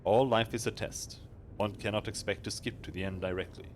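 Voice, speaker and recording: A man's voice: fairly low pitch, steady tone, brisk, slight background noise, lightly acted. A man voicing a proud, stern young noblewoman in a fantasy game, speaking formally and haughtily.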